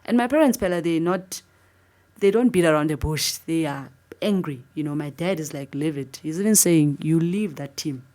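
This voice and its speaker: A woman's voice: deep voice, moderate pace. A South African woman, a former football captain, earnestly telling her story in an interview. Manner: earnest, animated retelling, voice jumping up for disbelief.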